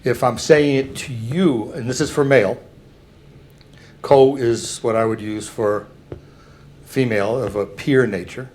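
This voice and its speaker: An older man giving a public talk, slowly and carefully explaining examples to an audience. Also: medium pitch, fairly even intonation, a little mellow.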